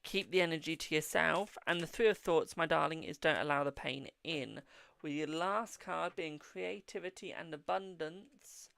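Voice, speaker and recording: British tarot reader, gravelly voice, tired and yawning, blunt but reassuring, live-stream reading. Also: medium pitch, moderate pace, sharp tone, dry recording. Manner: reassuring yet blunt, repeats "okay, my darling".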